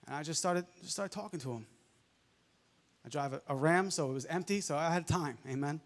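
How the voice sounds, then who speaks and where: A male preacher with a softened New York accent, delivering a fervent sermon full of amens and hallelujahs. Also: fairly high pitch, a little fast. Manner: fervent, peppered with amens and laughs.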